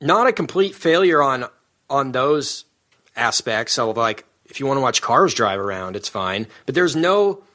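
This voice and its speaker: Man, podcast host, casual movie review chat, bright clear tone, animated, opinionated. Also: mid-range voice, unhurried. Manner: animated, opinionated, laughing as he talks.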